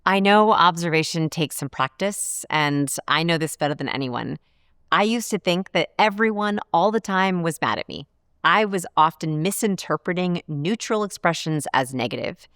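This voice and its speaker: Measured woman researcher explaining calmly. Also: on the low side, no room sound, studio quality. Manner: clear, measured explainer who slows down to stress key points. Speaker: behavioral researcher. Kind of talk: instructional talk to camera. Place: studio.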